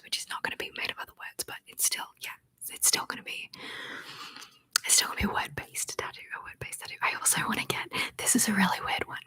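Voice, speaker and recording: A young woman in a soft, tinkly whisper, chatting with viewers on an ASMR livestream and softly repeating words. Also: no echo, rough recording. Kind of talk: whispered live chat.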